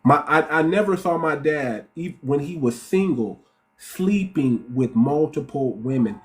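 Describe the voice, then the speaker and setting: With faint music behind him, a man on a livestream talks in an expressive voice that sits on the high side, a little slow. As a relationship coach and host, he's blunt and direct, frequently starting over mid-sentence and repeating words.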